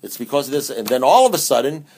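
A man's voice: medium pitch, very animated, fast, darkish tone, a little hiss or hum. A man giving a humorous, emphatic talk at a recovery meeting, with many restarts and repeated phrases. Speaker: AA speaker.

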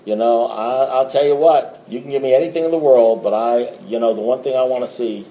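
A man's voice: medium pitch, brisk, warm tone, roomy sound. A middle-aged man speaking to a recovery meeting, telling a story in a rambling way with restarts and wry asides. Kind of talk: storytelling talk to a group.

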